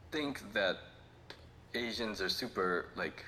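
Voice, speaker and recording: A man on a casual podcast, talking in a rambling way and laughing as he tells stories. His voice sits fairly low but swings widely, with a bright, forceful edge. A faint hiss runs under the recording. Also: normal speed. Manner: rambling, laughs often, animated when telling stories. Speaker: podcast co-host. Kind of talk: casual chat.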